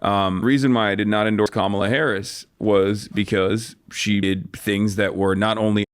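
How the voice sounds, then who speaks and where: A man's voice: lowish voice, fairly even intonation, normal speed, clear, resonant tone. A man talking politics on a stream in an argumentative, lecturing way. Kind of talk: casual political talk.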